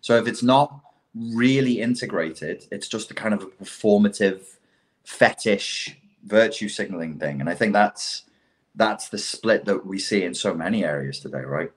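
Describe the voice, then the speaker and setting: A middle-aged man in casual conversation, talking in an animated, profane way and acting out quotes as he tells stories. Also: lowish voice, normal speed.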